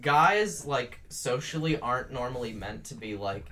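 Teen male co-host, rambling explainer, mid-pitch voice, noisy home recording. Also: lively intonation, normal speed. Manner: rambling, filler-heavy, explaining. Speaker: podcast co-host. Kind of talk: casual chat.

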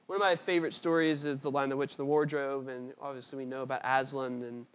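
A man's voice: medium pitch, flat delivery, fast talker. A man preaching an earnest, emphatic sermon, then reading a story passage aloud, with small slips and restarts.

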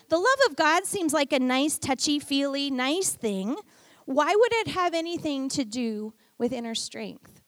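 A middle-aged woman with a high voice preaches in a storytelling way, dropping to near-whispers and then rising to emphatic peaks. The sound is close and dry, with no room echo. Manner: warm storytelling, swings from hushed to emphatic. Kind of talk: sermon.

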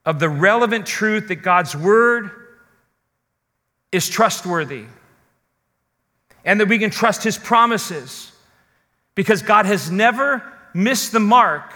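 A man with a high, bright voice preaches a sermon with earnest conviction. He puts questions straight to his listeners and slows down to stress the words that matter. His voice rings out with a long hall reverb. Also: lively intonation. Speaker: pastor.

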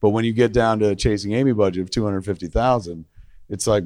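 A man hosting a casual chat, telling stories in a profane, animated way and quoting other people's voices. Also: fairly low pitch, a little fast, a little hiss or hum. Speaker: podcast host, director.

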